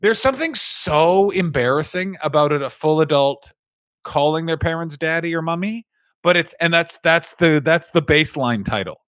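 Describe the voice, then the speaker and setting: A man's voice: a little high, lively intonation, moderate pace, a bit bright, no room sound. A man co-hosting a comedy podcast, rambling through the history with jokes. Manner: rambling, jokey, slips into silly character voices. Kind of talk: comedic casual chat.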